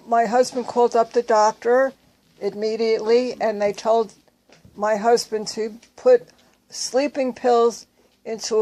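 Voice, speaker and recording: A woman's voice: on the high side, dark tone. An older woman telling her own story in a casual, rambling way, with fillers and self-corrections. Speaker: storyteller recounting her past. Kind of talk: casual spoken recollection.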